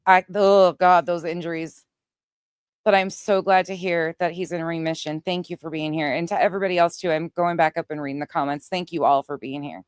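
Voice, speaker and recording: Woman streamer, smooth clear voice, chatty, dry close mic. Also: on the low side, steady tone, brisk, dry recording. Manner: chatty, thanks viewers by name. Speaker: channel host. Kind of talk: casual livestream chat.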